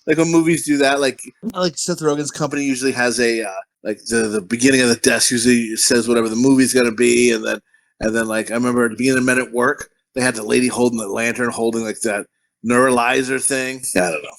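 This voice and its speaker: A man's voice: medium pitch, fairly even intonation, quick pace. A man co-hosting a podcast, chatting casually in a rambling, profane way and laughing often. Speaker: podcast co-host.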